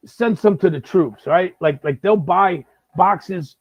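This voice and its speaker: A man's voice: on the high side, slow pace, gravelly, no echo. A man hosting a comedic live-stream monologue, rambling and stammering with lots of repeated words. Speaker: host. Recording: slightly dull lo-fi sound.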